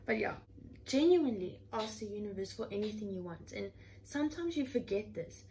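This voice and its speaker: A woman's voice: medium pitch, animated, a little fast, darkish tone, slight background noise, poor audio. A woman in her twenties talking in a casual, heartfelt way from her room at home, earnest and chatty, often leaning on the word "literally.". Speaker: vlogger.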